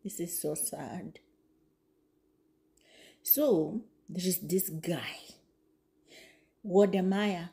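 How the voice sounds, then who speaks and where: A woman talks to her viewers in a slow, unhurried way, her voice mellow and a little low. She is emphatic and circles back to her points, repeating herself and breaking into exclamations. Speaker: video commentator. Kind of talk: casual commentary to camera.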